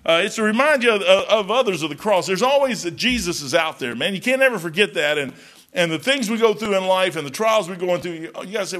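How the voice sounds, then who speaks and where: A man's voice: high voice, fast talker. A man preaching a folksy, storytelling sermon as pastor, peppering his talk with "man". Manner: folksy, storytelling, animated, says "man" often.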